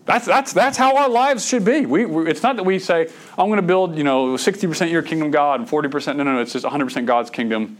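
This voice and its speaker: A man's voice: on the high side, fast, hardly any pauses. A middle-aged man, preaching a sermon in a conversational way, with stammered restarts and bursts of emphasis. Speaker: pastor.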